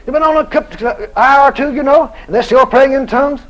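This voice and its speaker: A man preaching a sermon in a folksy, dramatic storytelling style, shouting out the lines he quotes. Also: very high-pitched, a little fast, poor audio. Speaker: evangelist preacher.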